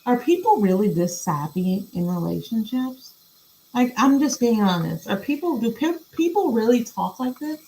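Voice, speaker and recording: A woman's voice: a little high, expressive, moderate pace, dark tone, low-quality recording. A woman hosting a podcast from a room at her home computer, reading emails aloud and commenting on them in a blunt, profane, casual way.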